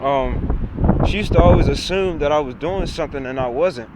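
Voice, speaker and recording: A man's voice: fairly high pitch, normal speed. Rambling young man venting on a street. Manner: rambling, repetitive, frequent profanity. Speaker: vlogger. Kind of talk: casual rant to camera. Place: outdoors by a busy road. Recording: outdoor street noise and wind. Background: traffic and trucks.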